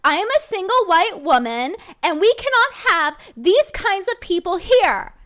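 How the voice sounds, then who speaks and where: A woman mockingly voicing a shrill, panicky woman crying for help. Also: big pitch swings, a little slow, a bit bright, full character voice. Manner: mocking, exaggerated.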